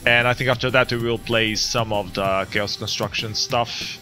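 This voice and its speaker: A man hosting a casual livestream chat, relaxed and chatty, often laughing. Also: medium pitch, normal speed, soft background music. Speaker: livestream host.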